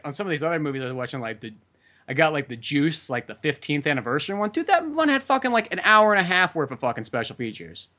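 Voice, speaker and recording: Give me a man talking quickly with a bright voice in a laid-back podcast chat. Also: mid-range voice, dull audio. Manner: fast, swears, laid-back. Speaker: podcast co-host. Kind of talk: casual chat.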